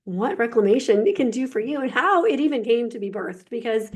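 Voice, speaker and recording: A woman coach talking casually about softness and emotions, lively and emphatic, full of filler words and rhetorical questions. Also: a little high, brisk. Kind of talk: casual spiritual coaching talk.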